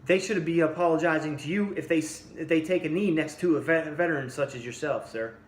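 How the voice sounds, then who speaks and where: A man's voice: on the high side, a little fast, a little hiss or hum. A man in his forties giving a blunt, heated opinion rant for his fitness vlog, often restarting and repeating himself. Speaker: fitness vlogger. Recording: echoey room with faint ambience.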